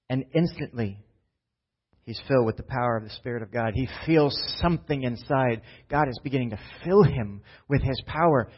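A male pastor delivers a sermon like he's telling a casual story, frequently checking in with "right?". His voice is medium-pitched with a breathy edge, and the recording has a dull lo-fi sound.

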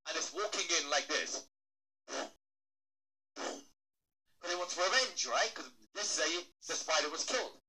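A man's voice: a little high, lively intonation, measured pace, long pauses, pushed and bright, poor audio. A man giving a playful talk to a live audience as a motivational speaker, asking the crowd questions and acting out little voices.

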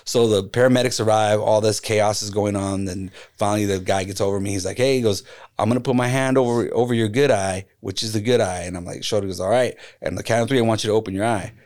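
The voice belongs to a middle-aged man, on the low side and quick-paced. As a graffiti artist guesting on a podcast, he relays a personal story conversationally, animatedly performing the voices of everyone in it.

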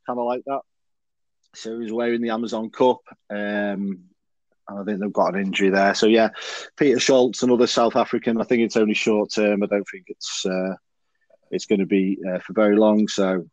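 A man's voice: lowish voice, no room sound, low-quality recording. A man hosting a casual rugby chat podcast, rambling and full of fillers and restarts. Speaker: podcast host.

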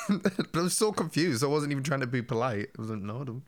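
A man's voice: on the high side, wildly swooping pitch, a little fast. A young man, casually telling school stories, laughing and acting out what people said. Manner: laughing storyteller, acts out quotes, swears freely. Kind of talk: casual chat, storytelling.

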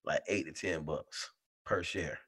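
A man's voice: extremely low pitch, fairly even intonation, unhurried, a bit bright, breathy edge. A man, co-hosting a casual podcast and rambling with many fillers. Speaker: podcast co-host. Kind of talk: casual chat.

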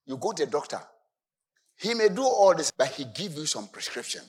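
Man, preacher, sermon, emphatic, swooping lively intonation. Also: on the high side, fairly quick, slightly rough. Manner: emphatic, swings between soft asides and shouted exclamations.

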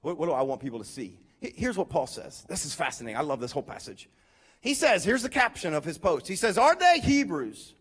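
High-voiced man preaching with energy. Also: fast, slightly rough. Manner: lively, emphatic, with humorous asides. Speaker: pastor. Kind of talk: conversational sermon.

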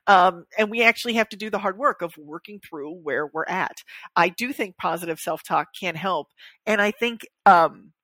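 Animated, joking woman co-host. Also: on the low side, moderate pace, no echo. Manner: animated, joking and self-mocking. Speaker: podcast co-host. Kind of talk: casual chat.

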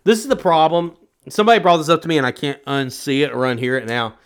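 An American podcast co-host talks through a movie in a casual review chat, emphatic and full of opinions. His voice is fairly high, steady in tone, fast and smooth.

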